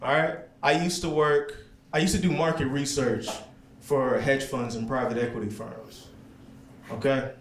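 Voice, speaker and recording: Slow-talking man in an echoey club. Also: mid-range voice, fairly even intonation. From American South. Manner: slow, conversational delivery with put-on voices for characters. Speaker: stand-up comedian. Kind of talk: stand-up comedy set. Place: small live comedy lounge with audience. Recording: echoey club room with loud audience noise.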